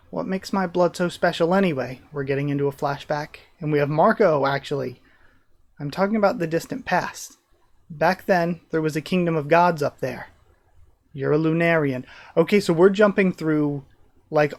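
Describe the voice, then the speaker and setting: A man reads manga panels aloud and reacts between them, his voice sitting a little higher than most men's. He talks quickly and with excitement as he goes from panel to panel. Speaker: reaction channel host.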